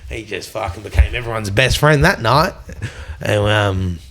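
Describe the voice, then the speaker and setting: A man's voice: fairly low pitch, animated, normal speed, a bit bright. A young Australian man on a podcast, telling a rowdy tour story in casual chat, swearing freely and acting out what people said. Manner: swears a lot, acts out quotes. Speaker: guest.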